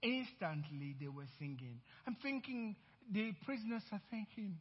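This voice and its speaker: A man's voice: sits high, very animated, moderate pace, husky. A male pastor preaching a sermon, emphatic, repeating his lines and drawing out key words. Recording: dull recording in a reverberant church hall.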